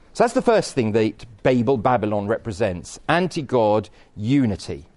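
A man's voice: medium pitch, sing-song, normal speed, few pauses, darkish tone. A man preaching a sermon in a conversational style, with wry asides.

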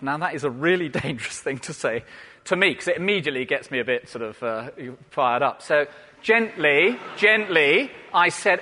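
Vicar preaching in a reverberant church. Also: male voice, on the high side, brisk. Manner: lively storyteller, wide swings from loud to hushed. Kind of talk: sermon.

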